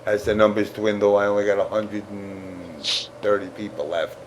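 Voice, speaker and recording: A man's voice: on the low side, level tone, moderate pace, darkish tone, a little hiss or hum. A male podcast host in casual banter, telling crude stories and acting out the quotes. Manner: crude, storytelling, acts out quotes. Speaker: show host.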